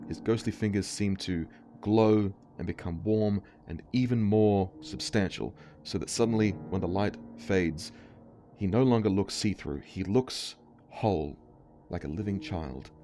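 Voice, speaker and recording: Man retelling a kids' book, deep voice, casual and keen, music bed. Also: dark tone. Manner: enthusiastic, casual. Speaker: book reviewer. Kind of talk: storybook retelling. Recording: music playing under voice.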